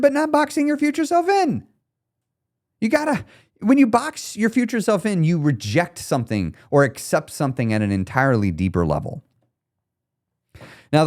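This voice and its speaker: Animated, lively-voiced male podcast host. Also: sits high. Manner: animated coaching, talks straight to the listener; laid-back, slangy and blunt. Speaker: weight loss podcast host. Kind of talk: casual solo podcast monologue.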